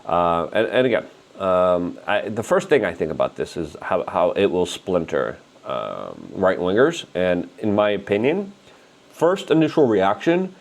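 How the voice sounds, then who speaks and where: A man hosting a political commentary show, animated and indignant, talking with strong emphasis. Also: low voice, a little slow, gravelly. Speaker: host.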